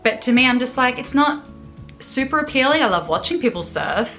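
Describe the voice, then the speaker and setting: Bright-voiced exasperated Australian woman vlogger. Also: high-pitched, brisk, soft background music. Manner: animated and exasperated, with sarcastic asides. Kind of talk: ranting to camera.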